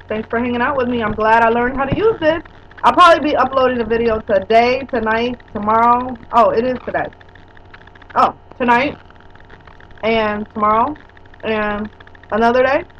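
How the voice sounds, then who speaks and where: A woman's voice: fairly high pitch, muffled recording, slight background noise. A woman in her forties chatting casually to viewers on a webcam at home, rambling and teasing. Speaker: vlogger. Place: at home indoors.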